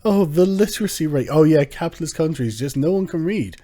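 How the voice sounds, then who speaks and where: A man hosting his own channel in a casual livestream, ranting with a profane, sarcastic, animated manner. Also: a little high, brisk. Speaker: channel host.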